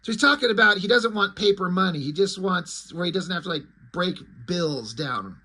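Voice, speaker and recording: A man's voice: high-pitched, lively intonation, normal speed, bright, forceful tone. A man giving casual, sarcastic and profane commentary while reviewing a comic book, with a rambling way of talking.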